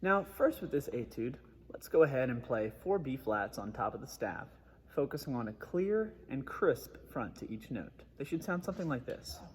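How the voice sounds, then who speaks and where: A man's voice: mid-range voice, sing-song, moderate pace, in a large hall, a little hiss or hum. A man giving a methodical trombone lesson, explaining articulation step by step. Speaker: trombone teacher. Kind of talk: instructional music lesson.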